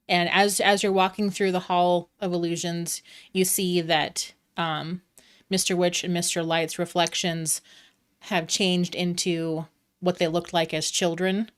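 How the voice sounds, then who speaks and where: Woman dungeon master, slow and lowish voice, laid-back narration full of "um" and "like". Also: clean tone. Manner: relaxed, filler-heavy narration. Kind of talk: narrating a tabletop game.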